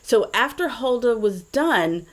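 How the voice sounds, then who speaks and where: A woman's voice: fairly high pitch, animated, measured pace. A woman co-hosting a podcast in casual chat, telling a story with chatty asides. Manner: chatty, reads quotes aloud, trails into asides.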